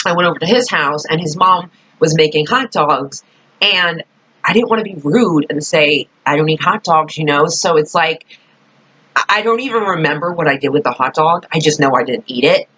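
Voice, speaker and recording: Young-sounding woman vlogger, husky and bright, swears freely, rambles through stories. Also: sits low, moderate pace. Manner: rambling, profane, full of "like". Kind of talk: casual storytelling vlog. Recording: dull lo-fi recording.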